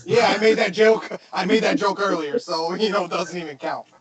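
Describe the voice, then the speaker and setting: A man's voice: sits high, brisk, crowd noise. A man co-hosting a comedy podcast, joking in improv banter and slipping into mock accents. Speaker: podcast co-host.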